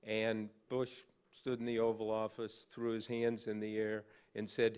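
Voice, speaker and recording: A man's voice: medium pitch, steady tone, measured pace, smooth. An older man giving an award acceptance speech, telling an anecdote with dry, wry humor. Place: large banquet hall with an audience.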